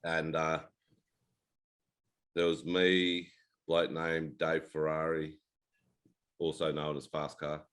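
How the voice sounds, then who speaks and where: A man in his forties with an Australian accent, co-hosting a casual chat and telling rambling, laid-back stories with plenty of swearing. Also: a bass voice. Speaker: co-host.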